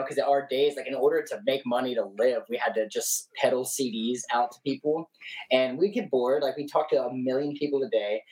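An animated man on a podcast, chatting as a guest musician. He talks loosely, stacking fillers as he goes. He sits a little back from the mic, so his voice comes through slightly distant. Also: medium pitch. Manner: animated storyteller, heavy on fillers. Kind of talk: casual chat.

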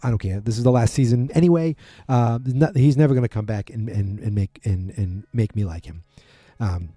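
A man's voice: mid-range voice, moderate pace, dry recording, soft background music. A man casually recapping a TV episode, rambling and correcting himself as he acts out bits of dialogue. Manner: rambling, self-correcting, animated quotes.

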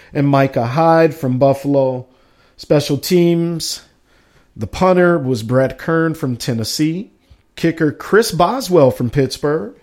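A man hosting a live sports podcast, reading out a player roster with casual asides and shout-outs. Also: medium pitch. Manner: reads out a list with running asides.

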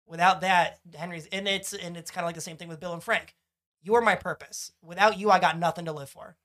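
A man co-hosting a podcast recaps a TV episode in casual, rambling, profane chat, acting out lines from the show in shifting voices. His high voice is bright and forceful, brisk, with fairly even intonation.

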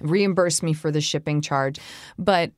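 A woman's voice: deep voice, unhurried, no room sound, studio quality. A woman co-hosting a casual advice chat, telling personal stories and acting out quotes as she goes. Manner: conversational, tells personal anecdotes with acted-out quotes. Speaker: co-host.

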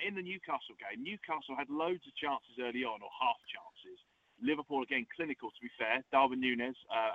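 A man with a South East London accent, chatting as a football pundit guest, talking through the game in an animated, rambling way. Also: mid-range voice. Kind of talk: casual football chat. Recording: dull lo-fi remote line.

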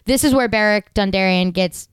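Young female co-host, excitable recapper, smooth tone, dry close sound. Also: medium pitch, moderate pace, dry recording. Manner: gushing, animated, lots of "like" fillers. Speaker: podcast co-host. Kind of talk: casual recap chat.

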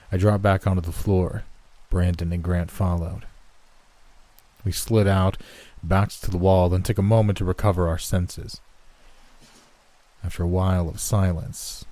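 Deep-voiced man narrating horror. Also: warm tone, breathy edge. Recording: rain and thunder sounds behind.

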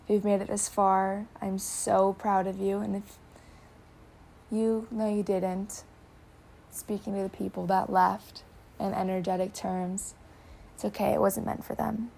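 A woman guiding a meditation, speaking slowly and softly, often slipping into a whisper. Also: medium pitch, level tone, gravelly. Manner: slow, soft-spoken, drifting into whispers; warm spiritual affirmations. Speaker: meditation guide. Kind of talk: guided meditation.

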